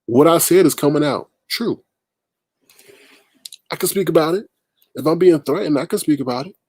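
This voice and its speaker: Animated man hosting a livestream. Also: a little high, normal speed, slightly rough, dry recording. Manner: animated, emphatic, talks back to chat comments. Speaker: livestream host. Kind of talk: casual livestream commentary.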